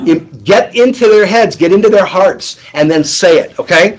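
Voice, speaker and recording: A man giving a sales training talk to his team, lively and acting out both sides of phone calls. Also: high-pitched, normal speed, low-quality recording.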